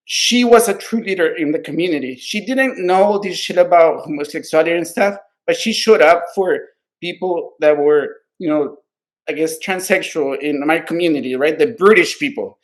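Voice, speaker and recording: A man talks through his ideas on a casual podcast in a voice pitched a touch high. He rambles earnestly, swearing often and looping back with "right?" as he reaches for the next thought, openly heartfelt about what he cares for. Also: moderate pace. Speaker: podcast co-host. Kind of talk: casual political podcast discussion.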